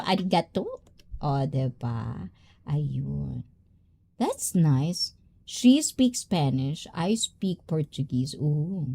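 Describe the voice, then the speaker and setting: A woman hosting a casual livestream, excitable and giggly, hopping between languages. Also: on the low side. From Philippines. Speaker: livestream host.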